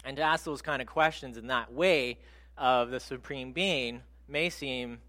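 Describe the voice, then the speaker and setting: A man preaching a sermon in a conversational, animated storytelling way. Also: medium pitch, unhurried.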